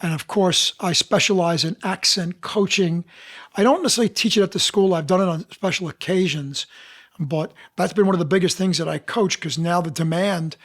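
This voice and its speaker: A man's voice: high voice, moderate pace. A middle-aged man, an actor and dialect coach, telling stories as a podcast guest and acting out the people he quotes. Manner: animated anecdotes, acts out quoted voices. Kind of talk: casual interview storytelling.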